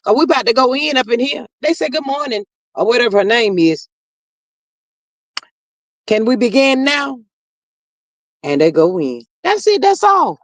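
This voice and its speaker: A woman hosting a livestream in casual chat, reading comments aloud in a chatty, drawling way that swings high and low. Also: expressive, moderate pace, long pauses, no room sound.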